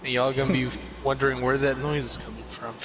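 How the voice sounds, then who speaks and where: Man, mid-pitched, laid-back, teasing storyteller, gaming chat, loud background noise. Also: flat delivery, fast. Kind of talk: casual gaming chat with friends.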